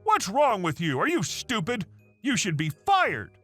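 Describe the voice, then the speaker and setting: A man voicing an entitled woman customer in her early forties who yells and demands. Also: wildly swooping pitch, a little slow, soft background music, full character voice. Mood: screaming, demanding. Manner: shrill, demanding, yelling.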